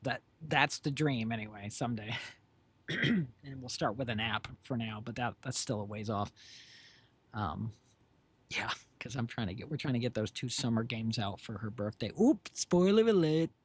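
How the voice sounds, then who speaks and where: At a moderate pace and steady tone, a middle-aged man speaks in a medium-pitched, fairly bright voice with a breathy edge. He's co-hosting a livestream from home as a co-host and creator, chatting casually and wandering off-topic with many fillers and self-corrections, using a desk mic and headphones.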